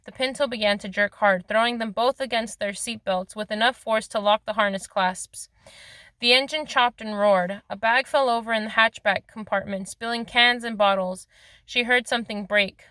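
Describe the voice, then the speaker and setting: A woman's voice: mid-range voice, fairly bright tone, no echo. A woman reading a novel aloud in a plain voice, with occasional slips and restarts. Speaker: reader of a novel.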